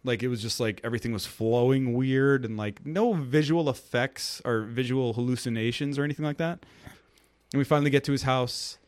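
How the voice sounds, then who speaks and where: A young man with a middle-pitched voice talks in a casual, rambling way. He tells a long story with lots of fillers. He acts out the people in it with a raised, goofy voice. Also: brisk, darkish tone.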